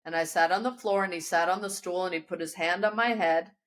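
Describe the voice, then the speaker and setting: A woman yoga teacher, a podcast guest, telling a personal story in a lively, animated way with frequent restarts, recorded in her studio. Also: fairly low pitch, fairly quick. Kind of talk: casual storytelling interview.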